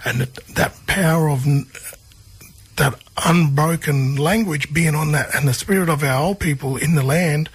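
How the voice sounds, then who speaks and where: An Australian man, a musician guest, telling stories in a relaxed conversational way, often restarting and repeating phrases. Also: fairly high pitch, moderate pace, slightly rough.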